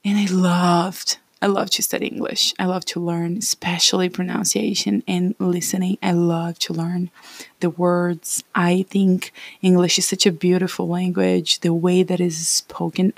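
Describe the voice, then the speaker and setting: A woman from Brazil in her thirties, speaking English with a Brazilian Portuguese accent, chats casually and wanders from thought to thought. Her voice sits a little low, with gravelly fry and a breathy, husky edge. The sound is close and dry. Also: no room sound. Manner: chatty, rambling, encouraging. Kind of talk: casual personal vlog.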